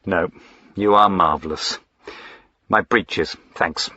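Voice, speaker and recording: A man's voice: low voice, steady tone, slow, bright, forceful tone, no echo, highs cut off, heavily acted. A man voicing a moody, short-tempered young aristocrat with a clipped, sardonic way of speaking. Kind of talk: audiobook character voicing.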